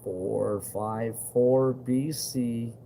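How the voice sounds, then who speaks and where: A man's voice: mid-range voice, steady tone, extremely slow, vocal fry, dark tone, a little hiss or hum. A man talking straight to his viewers in a rambling monologue, agitated and profane, full of fillers and repeated questions.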